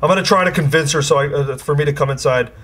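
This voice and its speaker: A young man hosting gameplay commentary with excitable, crude, jokey banter. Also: fairly high pitch, quick pace. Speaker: gaming video host.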